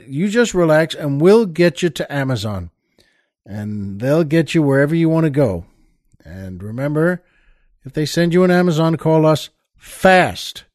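A man's voice: on the high side, darkish tone, no room sound, clean studio sound. A man from the New York area hosting a show, telling jokes and stories in a rambling, chatty way with lots of asides. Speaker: podcast host. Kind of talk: comic storytelling monologue.

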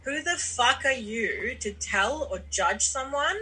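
A woman's voice: high voice, lively intonation, slow pace, sharp tone, husky, low-quality recording. A woman life coach in a casual podcast chat, speaking candidly, swearing freely and acting out her own inner voice.

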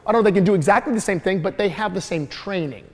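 A man from Detroit tells stories onstage at a Q&A. His voice sits a bit high and his delivery is lively, full of repeats as he builds toward a punchline. The sound carries the long echo of an auditorium. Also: racing. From Detroit, USA. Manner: lively, repeats words while building up jokes. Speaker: guest comedian in a Q&A. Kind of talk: animated onstage storytelling.

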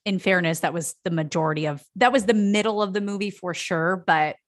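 Woman, podcast co-host, chatty, enthusiastic, slightly low pitch. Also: fairly quick. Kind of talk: casual chat.

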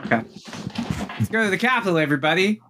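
A man playing in a tabletop game, making jokes and quick quips. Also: sits high, animated, background noise. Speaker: player. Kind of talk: casual tabletop banter.

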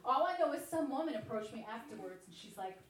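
A woman's voice: high voice, fast, slight background noise. Woman telling her testimony in an echoey hall. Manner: lively storytelling, chatty asides to the audience. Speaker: speaker giving her testimony. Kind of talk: sermon-style personal testimony. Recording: echoey hall, mic at a distance.

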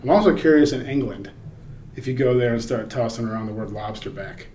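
A man's voice: mid-range voice, a little fast, darkish tone. A man co-hosting a podcast in casual chat, rambling and wry, often trailing off into a mumble. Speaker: podcast co-host.

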